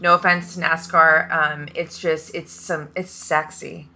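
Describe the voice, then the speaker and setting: A woman's voice: sits low, level tone, a little slow, bright, forceful tone. A woman hosting a podcast in casual chat, effusive and gushing, swearing freely as she talks. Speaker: podcast host.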